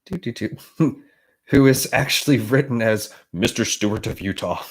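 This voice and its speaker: A man telling a story by reading a transcript aloud. He keeps breaking off to mutter to himself, low and offhand. His pitch sits in the middle range. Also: normal speed. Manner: muttering quiet asides to himself. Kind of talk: casual read-aloud with asides.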